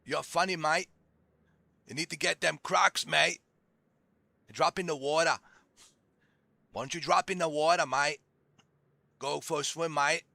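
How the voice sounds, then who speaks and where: A man's voice: fairly high pitch, fairly even intonation, unhurried, gravelly, pauses often, sharp tone, no echo, voice pushed up, heavily acted. A man voicing a joking outback Australian man in a goofy mock accent, calling everyone "mate". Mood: boisterous.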